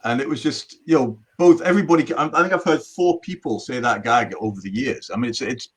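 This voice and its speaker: A middle-aged man with a husky, slightly rough voice, sitting for a casual interview. He tells long anecdotes, often restarting his sentences as he goes. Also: medium pitch, expressive, a little fast. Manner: rambling storyteller with many restarts. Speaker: magician guest.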